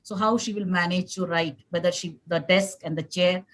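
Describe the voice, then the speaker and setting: A woman in her forties, a parent on a conference panel, talking in an earnest, halting way with some emotion. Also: lowish voice, fairly even intonation, rough recording. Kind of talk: panel discussion sharing.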